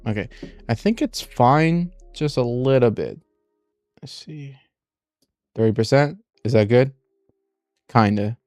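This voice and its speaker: A man's voice: mid-range voice, lively intonation, takes it slowly, pauses often, a little mellow, no room sound, clean studio sound, faint music behind. A young man streaming live, rambling casually with lots of "like" and restarts and talking through what he is doing step by step. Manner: rambling, full of "like" and restarts, talks through each step aloud.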